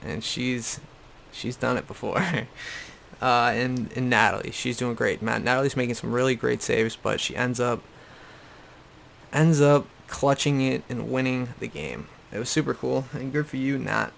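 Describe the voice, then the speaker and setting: Recording on a desktop USB microphone with slight background noise, a young Boston-area YouTuber recaps a show in a casual rant. His medium-pitched, fairly bright voice has vocal fry, fairly even intonation and a normal speed, and he's profane, blunt and repetitive.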